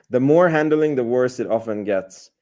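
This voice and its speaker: A man's voice: medium pitch, expressive, takes it slowly, darkish tone. A man hosting a live stream, chatting loosely about selling options and answering viewer comments, with many fillers and restarts. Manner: rambling, reads and answers chat comments. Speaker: host.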